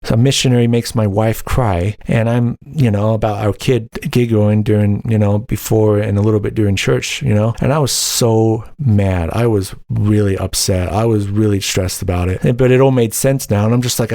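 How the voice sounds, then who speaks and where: A man's voice: fairly low pitch, fairly even intonation, normal speed, few pauses, mellow, dry recording, studio quality. A young man hosting a podcast, telling a personal story in a heated, indignant way. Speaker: podcast host. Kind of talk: casual storytelling monologue.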